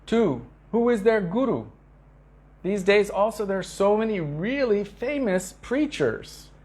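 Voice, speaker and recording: Addressing his disciples with earnest devotion, a male spiritual teacher tells stories full of emphatic repetition. Whenever he quotes someone, he acts it out, jumping sharply in pitch.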